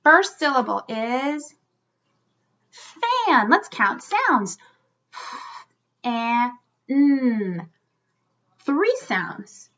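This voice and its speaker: A woman teaching young children a phonics lesson, sounding out words slowly and encouragingly. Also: sits high, very animated, sharp tone, dull audio.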